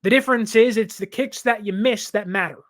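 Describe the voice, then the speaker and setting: A man's voice: high-pitched, a little fast, a bit bright. A man in his twenties hosting a sports reaction show, talking in an emphatic, impassioned way and laughing now and then. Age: 20s.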